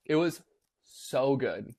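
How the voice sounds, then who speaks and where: A young man co-hosting a casual podcast, telling a lively story with lots of fillers and acting out what people said. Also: mid-range voice, takes it slowly. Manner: animated storyteller, acts out quotes in voices, many fillers. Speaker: podcast co-host.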